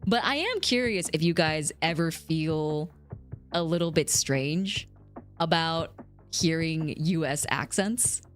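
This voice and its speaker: A woman around thirty speaks slowly in a low voice that swings widely in pitch when she gets animated, with faint music beneath her. She streams and chats casually, reading her viewers' messages aloud, lively and laughing often.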